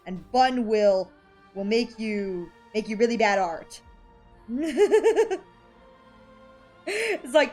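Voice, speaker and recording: A woman streaming while drawing, chatting casually in a rambling, giggly way and swearing now and then. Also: fairly high pitch. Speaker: art streamer.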